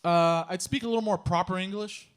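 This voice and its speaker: A man's voice: high-pitched, steady tone, fairly quick, smooth. A man co-hosting a casual comedy podcast, talking in a hesitant, rambling way with many restarts. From Greek background. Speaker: podcast co-host.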